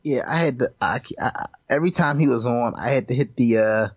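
A man's voice: medium pitch, a little fast, breathy edge, no echo, lo-fi sound. A man co-hosting a movie podcast, talking casually with stammers and restarts. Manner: hesitant, stammers, laughs at his own jokes. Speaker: podcast co-host. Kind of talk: casual movie-review chat.

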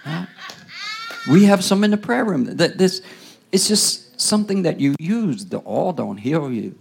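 A man preaching a sermon in a loose, conversational style, tossing asides to the congregation and swinging between loud bursts and near-whispers. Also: on the high side, expressive, unhurried, creaky. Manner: call-and-response asides, rising to loud bursts then dropping to whispers.

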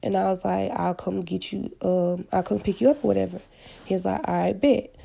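A woman's voice: medium pitch, steady tone, a little fast, creaky, dark tone. A woman casually retelling a personal story with blunt, slangy, profane candor. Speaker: podcast storyteller.

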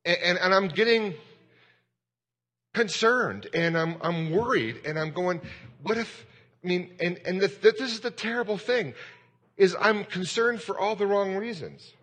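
A man's voice: sits high, a little slow, fairly bright tone, big-room sound. A man, a pastor, giving a sermon in a candid, self-deprecating and rambling way.

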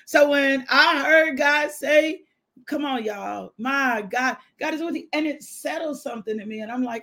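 A woman hosting a devotional podcast, preaching with exuberant shouts, whoops and call-and-response. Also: high voice, unhurried.

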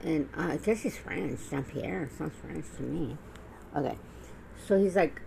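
Middle-aged woman, lowish gravelly voice, rambling profane vlog monologue. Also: measured pace, mellow, a little hiss or hum, poor audio. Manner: blunt, profane, rambling with many restarts. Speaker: vlogger. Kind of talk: casual monologue.

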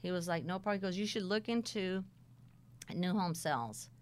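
A middle-aged woman casually telling her career story, blunt and animated, acting out the dialogue. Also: lowish voice, normal speed.

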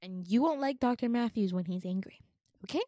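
A woman's voice: on the high side, brisk, mellow, no echo, studio quality, close to an everyday voice. A woman voicing a cheerful, clingy young female nurse who talks in a bubbly, pushy way. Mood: insistent.

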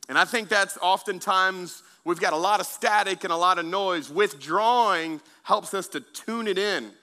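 A man preaching a sermon as pastor, conversational, with quick asides to the congregation and frequent repeated words. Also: sits high, pushed and bright.

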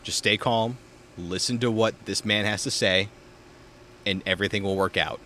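A man's voice: fairly low pitch, moderate pace, bright, forceful tone, slight background noise. Young man rambling through a story. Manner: rambling storyteller, heavy filler words and swearing. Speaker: podcast co-host. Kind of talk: casual chat. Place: outdoors in a backyard.

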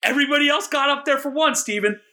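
A young man co-hosting a podcast, telling a long rambling story in a self-mocking, excitable way. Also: extremely high pitch, fast talker. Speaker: podcast co-host. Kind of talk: casual storytelling chat.

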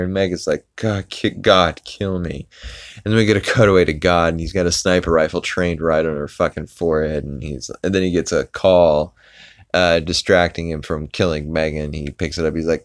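Low-voiced man rambling through a recap. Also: steady tone, measured pace. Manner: rambling, laughing, swearing, many fillers. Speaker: podcast host. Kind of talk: casual episode recap.

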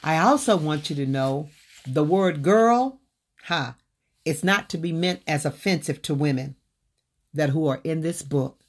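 A woman's voice: sits low, measured pace. A woman earnestly telling a personal story from her own book, speaking straight to her listeners. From Southern United States.

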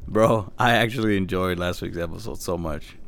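A man's voice: sits low, normal speed, vocal fry, fairly bright tone. A young man co-hosting a podcast in casual banter, laid-back, swearing freely and laughing often. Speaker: podcast co-host.

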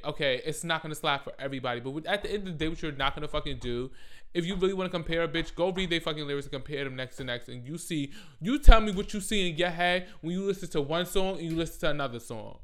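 A man ranting about pop culture in a vlog, swearing often and bursting into loud outrage. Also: a little high, expressive, fast. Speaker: vlogger. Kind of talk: profane pop-culture rant.

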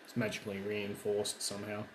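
A man playing a tabletop game with dry, quiet, laconic asides. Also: on the low side, completely flat delivery, brisk. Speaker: player. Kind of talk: tabletop role-play. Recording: echoey room with faint noise.

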